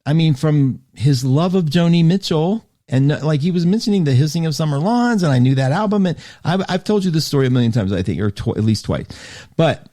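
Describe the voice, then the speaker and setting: A man hosts a live call-in style astrology hour, talking straight to his listeners. His delivery is chatty and animated, full of restarts and asides. His voice has a mellow, warm tone. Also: fairly high pitch, a little fast. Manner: chatty, animated, self-interrupting; reads listener comments aloud. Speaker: host. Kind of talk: live radio show monologue.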